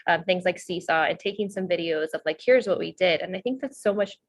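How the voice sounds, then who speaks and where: Low-voiced woman podcast host, dry sound. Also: brisk, dry recording. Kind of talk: casual podcast interview.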